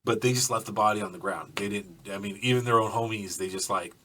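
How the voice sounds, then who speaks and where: A man's voice: fairly low pitch, fast, far from the mic, noisy background. A man narrating as game master in a loose, swearing style full of fillers. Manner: loose, profane, filler-heavy storytelling.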